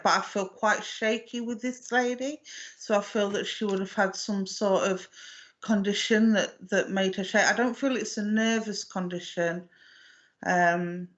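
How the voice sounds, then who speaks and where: A woman, working as a medium in a live online reading, speaking gently and affectionately with many hesitations and restarts. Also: medium pitch, highs cut off. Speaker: psychic medium.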